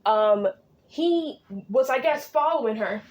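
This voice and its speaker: A young woman chatting casually as she recaps a novel, swearing freely and slipping into quick impressions of the characters. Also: high-pitched, animated, a little mellow. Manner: slangy, swears freely, acts out characters' lines in quick asides. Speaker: book vlogger recapping a novel.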